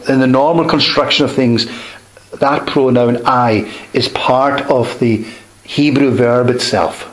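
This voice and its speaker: A man preaching a sermon, expounding scripture with measured emphasis, dropping softly on key words. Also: medium pitch, rough recording.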